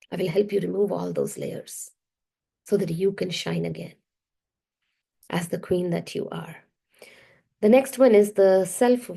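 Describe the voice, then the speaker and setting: A woman's voice: on the low side, gravelly, dark tone, slightly rough. A woman self-worth coach giving an emphatic, repetitive motivational masterclass talk.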